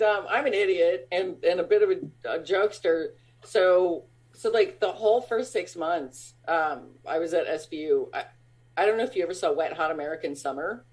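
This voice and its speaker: A woman who is an actor and stand-up comic, telling stories in a casual interview. She talks in a chatty, animated way with many fillers, laughs often and acts out other people's lines. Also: lowish voice, normal speed, slightly rough.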